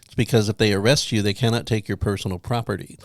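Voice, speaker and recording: Casting note: lowish male voice, fast deadpan delivery, dry sound. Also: dry recording. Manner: deadpan one-liners. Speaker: podcast co-host. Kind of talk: casual chat.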